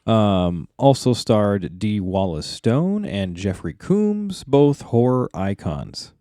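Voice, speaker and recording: A man's voice: on the low side, sing-song, slow, warm tone, clear, resonant tone, no room sound, clean studio sound. A man co-hosting a casual movie podcast, laughing often and reading out plot summaries. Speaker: podcast co-host. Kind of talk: casual chat.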